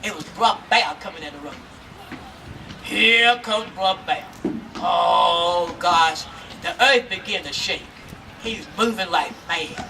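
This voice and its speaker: Lively storyteller woman outdoors. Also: lowish voice, a little slow. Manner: lively, talking straight to listeners. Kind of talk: folk tale told to a live audience. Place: outdoor town square festival. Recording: outdoor, mic far off, faint noise.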